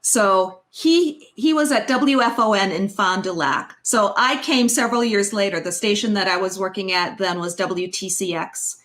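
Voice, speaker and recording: A woman hosting a casual radio interview, friendly and quick to laugh. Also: mid-range voice, a bit bright. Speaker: radio show host.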